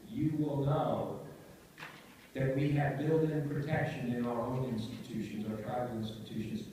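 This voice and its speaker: A man giving a conference talk, telling a story and acting out the quotes with lively emphasis. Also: mid-range voice, moderate pace, a little hiss or hum. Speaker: conference speaker. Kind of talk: storytelling keynote speech. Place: large conference hall. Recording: echoey hall, voice from far off.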